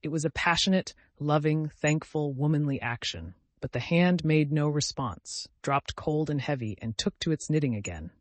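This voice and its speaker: A man narrating an audiobook in a measured, even delivery. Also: on the high side, dry recording.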